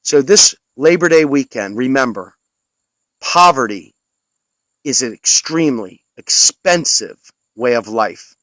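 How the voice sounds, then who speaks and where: A man's voice: mid-range voice, lively intonation, unhurried, fairly bright tone, dry recording, rough recording. A man delivering an impassioned political rant, angry, sarcastic and scolding toward his listeners. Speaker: political commentator.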